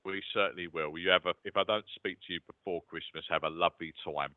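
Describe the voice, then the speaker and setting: A man's voice: sits low, fairly even intonation, fast, clean tone. British man on a tinny phone line. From United Kingdom. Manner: chatty, earnest, relaying messages. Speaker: psychic medium guest. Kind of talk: casual call-in chat.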